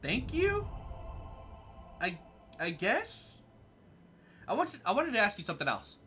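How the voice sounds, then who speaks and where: A man hosting a let's-play, giving casual commentary in a quick, sarcastic, reactive way. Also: high-pitched, wildly swooping pitch, pushed and bright, soft background music. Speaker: gameplay host.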